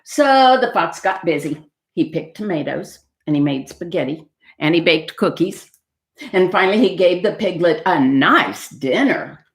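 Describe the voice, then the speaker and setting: A woman librarian reading aloud to children at storytime, slowly and with lots of expression. Her voice sits a little low and swings widely in pitch. It sounds in an echoey library room. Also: lively intonation.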